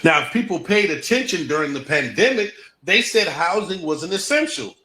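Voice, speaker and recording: A man's voice: high-pitched, very animated, moderate pace, pushed and bright. A man giving an emphatic livestream talk, repeating key points with a Black lilt. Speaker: guest presenter.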